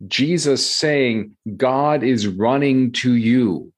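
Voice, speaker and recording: A man's voice: mid-range voice, very slow. A man hosting a podcast interview, affirming and reflective as he responds to his guest. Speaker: podcast host.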